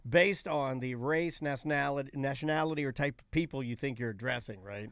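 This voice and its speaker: A man co-hosting a casual live-stream chat, telling rambling stories in an animated way. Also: mid-range voice, fairly quick, no echo, clean studio sound. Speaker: co-host.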